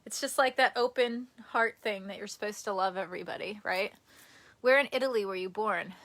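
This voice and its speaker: A young woman from the United States chatting casually on a live stream at home, self-deprecating and quick to laugh. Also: medium pitch, fairly bright tone. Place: indoors at home near a bed. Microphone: phone or camera on a tripod.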